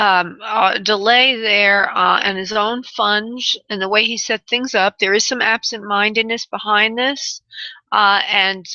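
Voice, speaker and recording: A woman hosting a call-in radio show as a spirit medium. She talks soothingly, calls callers honey and love, and pauses to tune in as she reads. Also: mid-range voice, sharp tone, dry recording, dull audio. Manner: thinks aloud, pauses to tune in.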